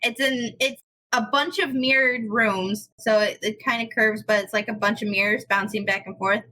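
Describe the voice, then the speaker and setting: A young woman chatting casually on a podcast, telling a ghost story in an animated way, with lots of fillers and swearing. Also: fairly high pitch, normal speed, slight background noise, rough recording. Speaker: podcast co-host.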